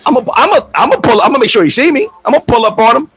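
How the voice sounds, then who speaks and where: A high-voiced man holds a casual livestream chat, his husky voice leaping up and down. He talks in street slang, laughs often, and acts out quick scenes in put-on voices. The sound is close and dry. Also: sing-song, fairly bright tone, no echo, low-quality recording. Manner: loose street slang and profanity. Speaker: expat vlogger and livestream host.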